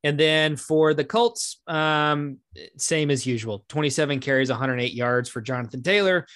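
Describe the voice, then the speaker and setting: A man's voice: fairly high pitch, moderate pace, fairly bright tone, no room sound, clean studio sound. A man co-hosting a casual football podcast, chatty and folksy, running through player stats. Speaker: podcast co-host. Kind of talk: casual sports chat.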